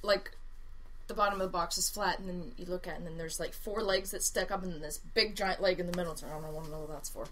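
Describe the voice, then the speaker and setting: A woman's voice: on the low side, fairly even intonation, quick pace, fairly bright tone. A tired woman co-hosting a podcast in casual group chat, laughing and cracking crude jokes. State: sleep-deprived. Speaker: podcast co-host.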